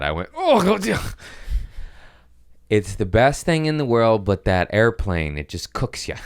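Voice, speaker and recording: A deep-voiced man rambles through a casual podcast monologue, peppered with profanity and self-mockery. His voice is smooth and resonant. The sound is dry and close, with no room around it. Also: a bit bright, dry recording. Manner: profane, self-mocking, drifts between quick asides and mumbled lines. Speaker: podcast host.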